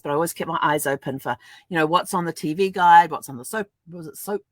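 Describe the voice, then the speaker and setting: A woman's voice: low voice, fast talker, dry recording. An older woman chatting casually to camera at home, laughing often and acting out little dialogues as she tells stories. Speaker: vlogger. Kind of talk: casual storytelling vlog.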